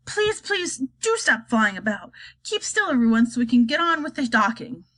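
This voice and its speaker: A woman reading aloud and voicing an eccentric, bossy grown man piloting a flying glass elevator, brisk and theatrical. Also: fairly high pitch, big pitch swings, a bit bright.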